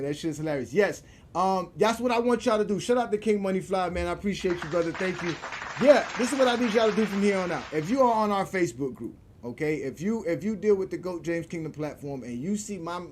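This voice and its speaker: A man hosting his own vlog, ranting in an animated, profane way with frequent laughter and repeated words. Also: sits high, a little hiss or hum. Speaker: show host.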